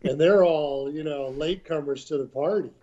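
Guy chatting, kinda high voice, dull muffled audio, blunt about stuff. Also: normal speed, dark tone. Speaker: conversation partner. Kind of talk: casual chat.

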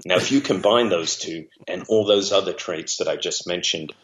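A man with an English accent, a guest talking in a wry, measured, self-deprecating way. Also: low-pitched, a bit bright, low-quality recording. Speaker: guest, former Marine officer. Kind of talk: casual conversation.

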